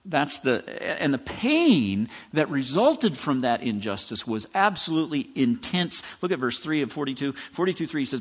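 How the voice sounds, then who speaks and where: A man with a fairly high voice preaches a sermon in an easy, conversational way, pressing hard on key words and acting out the lines he quotes. His voice rings with a long hall reverb, and the recording sounds dull and lo-fi. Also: big pitch swings, moderate pace, hardly any pauses, breathy edge. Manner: conversational preaching, emphatic, acts out scripture quotes. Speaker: pastor.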